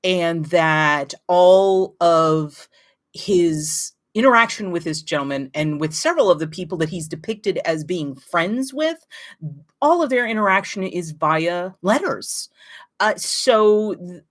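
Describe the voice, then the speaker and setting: A woman's voice: lowish voice, animated, slow pace. A woman hosting a knitting live stream, chatting casually and greeting viewers by name and place.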